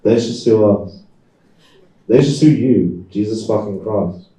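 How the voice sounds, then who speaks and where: A man doing an enraged sister-in-law who swears at full pitch of outrage. The voice stays dark underneath. It is heard from a distance in a reverberant room. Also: steady tone, quick pace, lightly acted. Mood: outraged. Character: exasperated younger-middle-aged woman, sister-in-law. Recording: echoey room, far from mic.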